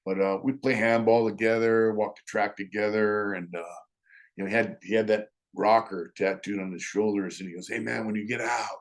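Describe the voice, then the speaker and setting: A middle-aged man with a slightly low voice tells old prison stories in a relaxed, unhurried way. His talk is blunt and full of street slang, with "you know" and "uh" everywhere and small chuckles in between. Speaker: storyteller, former prisoner. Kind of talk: casual storytelling.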